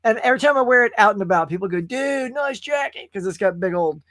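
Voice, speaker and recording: A man's voice: high voice, rapid-fire, fairly bright tone, no room sound, studio quality. A man from California, host of a casual live-stream show, talking in a rambling, chatty way and reading viewers' comments aloud. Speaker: podcast host.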